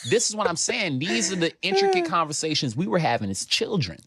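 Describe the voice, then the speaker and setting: A young man with a New York accent talks through his comedy in emphatic, profane bursts. His pitch rises and falls a lot, and the recording is close and dry. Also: wildly swooping pitch, brisk, hardly any pauses, fairly bright tone, husky, no room sound. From New York City. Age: young adult. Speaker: comedian guest. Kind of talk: casual podcast chat.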